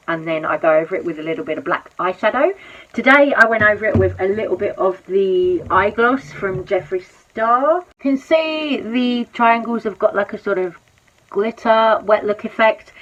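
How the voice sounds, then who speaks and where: A woman's voice: mid-range voice, fairly bright tone, muffled recording. A woman vlogger chatting casually about drama while doing her makeup, exclaiming and repeating words for emphasis. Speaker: commentary vlogger.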